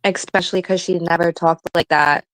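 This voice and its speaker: A woman's voice: fairly low pitch, fairly even intonation, fairly quick, a bit bright, no echo, rough recording. A woman co-hosting a livestream, talking bluntly and indignantly in casual gossip. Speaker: livestream co-host.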